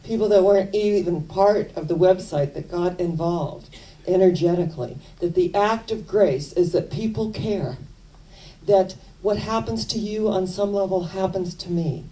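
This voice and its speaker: A woman minister preaching a sermon in an earnest storytelling manner with soft asides, recorded in a church from a distant microphone. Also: lowish voice, normal speed. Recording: distant mic.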